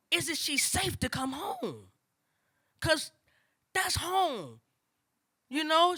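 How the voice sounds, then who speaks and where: Lively, animated grandmother telling a story. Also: mid-range voice. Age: older. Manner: animated, acts out family voices, casual and conversational. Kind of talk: live stage storytelling. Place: stage before a live audience.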